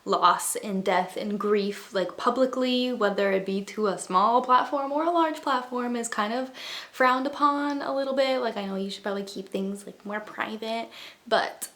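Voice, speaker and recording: A young woman in her twenties, a vlogger, chats and rambles casually while baking in her apartment kitchen, laughing often. Her voice is fairly high and a bit bright at normal speed, recorded in an echoey room with faint noise.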